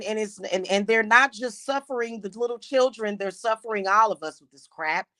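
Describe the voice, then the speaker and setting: A woman's voice: medium pitch, pushed and bright. A woman who practices witchcraft and hosts her own channel, talking in an emphatic, indignant unscripted monologue full of restarts and repeated words.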